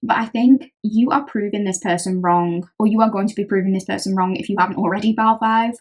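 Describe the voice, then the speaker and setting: A woman's voice: mid-range voice, fairly even intonation, brisk, a little mellow. Chatty British woman reading tarot. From Britain. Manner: chatty, conversational, often acting out what others say. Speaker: tarot reader. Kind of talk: pick-a-card tarot reading.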